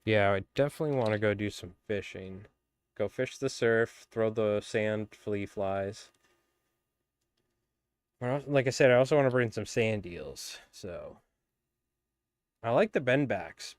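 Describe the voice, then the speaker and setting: A man's voice: on the low side, lively intonation, a little slow, clear, resonant tone, no room sound. A man hosting a fly tying live stream, chatting casually and rambling with viewers as he works. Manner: rambling, chatty, many fillers.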